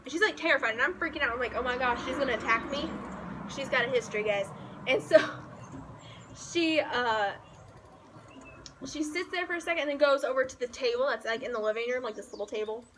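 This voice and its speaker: A young woman rambles in a casual vlog, her voice high and bright. She tells stories dramatically, breaking into giggles. She is recorded outdoors on a porch. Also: quick pace, slight background noise. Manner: animated storyteller, giggly and dramatic. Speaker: book vlogger.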